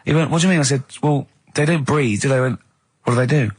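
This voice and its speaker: A husky-voiced English man hosting a studio radio show. He tells his stories with mounting disbelief, his voice jumping higher as he gets worked up. The tone is slightly breathy and unpolished. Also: fast talker, no echo. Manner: incredulous, animated storytelling with frequent laughter. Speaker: radio host. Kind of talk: comedic radio banter.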